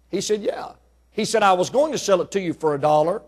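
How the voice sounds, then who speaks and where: High-voiced preacher, drawn-out emphasis. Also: male voice, animated, breathy edge. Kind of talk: sermon.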